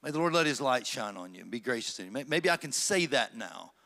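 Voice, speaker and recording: A middle-aged man, a pastor, preaching a sermon with dramatic slow phrases and rising emphasis. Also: medium pitch, sing-song, creaky, bright, forceful tone.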